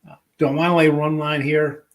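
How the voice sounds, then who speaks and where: A middle-aged man hosts a live sports betting show, his voice on the high side with a flat, fairly quick delivery. He chats loosely with viewers in casual live-stream fashion, rambling as he thinks aloud.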